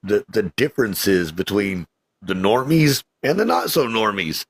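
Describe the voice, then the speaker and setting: A man with a fairly low voice hosts a casual talk show. He asks loose, friendly questions with small fillers and keeps the conversation relaxed. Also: a little slow, gravelly, husky. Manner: easygoing, chatty questions with fillers. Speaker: interview host.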